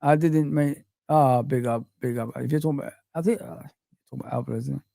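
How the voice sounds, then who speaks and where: A man's voice: mid-range voice, fast, vocal fry, warm tone, no room sound, studio quality. A man hosting a football live stream, ranting in heated street slang as he reads the chat.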